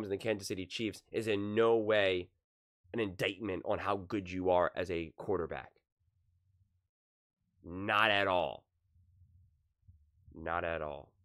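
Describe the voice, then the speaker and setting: Low-voiced man, impassioned sports commentary. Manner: impassioned, repeats words, many fillers and restarts. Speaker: sports commentary channel host. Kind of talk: casual opinion commentary to camera.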